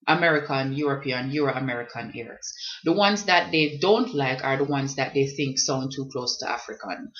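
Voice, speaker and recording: A woman's voice: low-pitched, a bit bright, muffled recording. A woman from Jamaica with a Jamaican accent, talking as a vlogger in an impassioned, emphatic way. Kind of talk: reflective talk on language.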